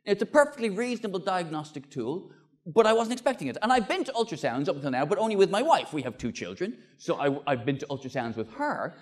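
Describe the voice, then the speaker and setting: A man's voice: high-pitched, big pitch swings, quick pace. A man in his forties doing a stand-up routine, telling a wry, self-mocking story with sweary punchlines. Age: 40s. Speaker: stand-up comedian.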